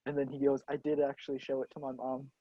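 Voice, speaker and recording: Husky young man chiming in. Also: mid-range voice, monotone, no room sound. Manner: laughing, quick to chime in. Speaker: podcast co-host. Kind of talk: casual chat. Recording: dull lo-fi sound, dry.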